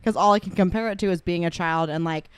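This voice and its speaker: Young female co-host, frank and wry, lower voice, dry close sound. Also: fast, clean tone, no room sound. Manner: candid, swears casually, dry jokes. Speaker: podcast co-host. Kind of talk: casual chat. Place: studio.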